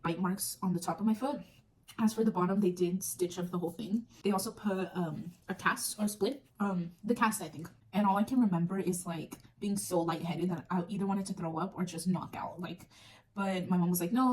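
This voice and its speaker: A woman's voice: medium pitch, a little mellow. A young woman casually telling a personal story on her vlog, chatty and full of fillers, acting out moments as she goes. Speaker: vlogger. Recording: distant mic with faint noise.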